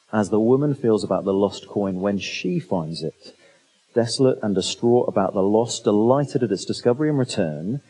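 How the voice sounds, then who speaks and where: Preaching an expository sermon in a conversational style, a man poses rhetorical questions to his listeners and slips in humorous asides. His voice is fairly low and mellow with a breathy edge, but the audio quality is poor.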